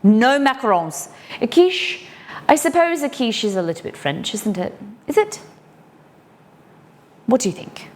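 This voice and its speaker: A woman's voice: fairly high pitch, big pitch swings, unhurried, pauses often. An English woman hosting a casual live cooking stream from her home kitchen, chatty and rambling with cheeky asides. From England.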